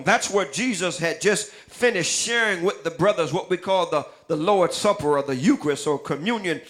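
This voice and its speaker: High-voiced preaching man in church. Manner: names listeners in the pews as he preaches; half-chants quoted song lyrics, rising and loud. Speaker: pastor. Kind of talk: sermon. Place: church sanctuary.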